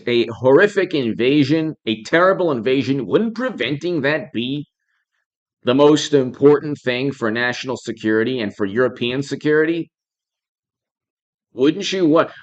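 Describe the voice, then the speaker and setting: A man's voice: on the high side, lo-fi sound. A man hosting a live political commentary stream. He talks in an indignant, repetitive way, piling up rhetorical questions and stopping to thank viewers by name.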